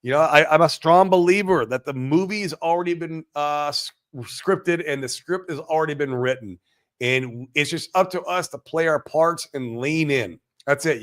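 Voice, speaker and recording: A man with a slightly high voice hosts a casual crypto livestream, brash and profane. He swings between loud hype and mumbled asides as he reads chat comments.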